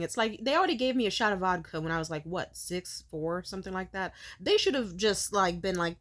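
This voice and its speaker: A woman's voice: mid-range voice, fairly quick, hardly any pauses. 20s woman ranting and cussing on her vlog, rambly, voice all over the place. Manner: animated, profane, rambling. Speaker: vlogger. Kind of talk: ranting personal vent.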